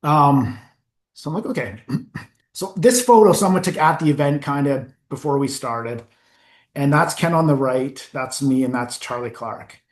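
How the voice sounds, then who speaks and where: A man giving a lively, anecdotal talk as a forum founder, laughing at his own stories and clearing his throat often. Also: medium pitch, normal speed. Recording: echoey room.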